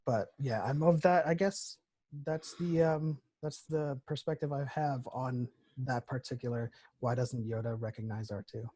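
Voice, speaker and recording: A man of ordinary pitch co-hosts a podcast in easygoing chat. He rambles and works out his thoughts mid-sentence. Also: fairly even intonation, moderate pace, warm tone, husky. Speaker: podcast co-host. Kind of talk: casual chat.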